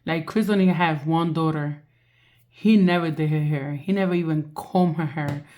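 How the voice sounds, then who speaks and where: A woman with a very deep voice hosts a reaction video on a sore, strained throat. She keeps her speech soft and slow. She mocks what she watches and breaks into laughs. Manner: mocking, laughing, talking softly. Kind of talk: reaction commentary.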